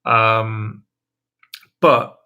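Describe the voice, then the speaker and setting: Bright-voiced man rambling on a livestream. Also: flat delivery, very slow, muffled recording. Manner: hesitant, many ums and restarts, jumps into high mocking voices when quoting. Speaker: livestream host. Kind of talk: casual rambling livestream chat.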